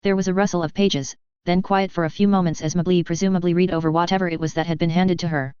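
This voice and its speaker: Low, clear woman narrating a tense story. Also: level tone, quick pace, a little mellow, dry recording. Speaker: audiobook reader. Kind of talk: first-person fiction narration. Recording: dry, slightly muffled recording.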